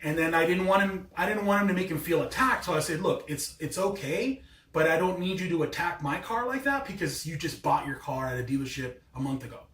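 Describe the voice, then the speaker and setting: A man's voice: a little high, animated, brisk, a bit bright. Exasperated man in his thirties, rambling. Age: 30s. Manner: rambling, exasperated, many restarts. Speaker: car vlogger. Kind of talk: casual storytelling rant. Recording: echoey, mic at a distance.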